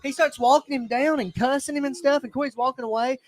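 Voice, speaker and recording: A young man telling a rowdy story in casual chat, animated and acting out the quotes with teasing energy. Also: very high-pitched, fast talker, crowd noise. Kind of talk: casual storytelling at a watch party.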